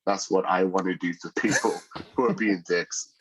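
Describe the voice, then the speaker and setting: A man's voice: low-pitched, steady tone, moderate pace, noisy background. A man on a podcast panel telling stories animatedly and laughing often. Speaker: podcast guest. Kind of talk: casual chat.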